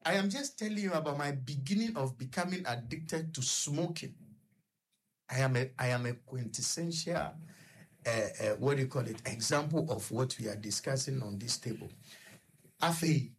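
Young Ghanaian man, husky, halting radio-guest storyteller who trips over repeated words. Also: medium pitch, animated. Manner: halting, with stuttered repetitions. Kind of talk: personal storytelling in conversation.

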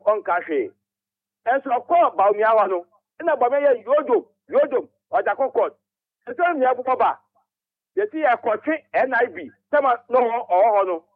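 A man's voice: very high voice, husky, no room sound. A man calling a radio show, urging voters to back a candidate and reeling off names. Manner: campaigning, appealing to voters, listing names. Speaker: caller. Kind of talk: political phone-in call. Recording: tinny phone line.

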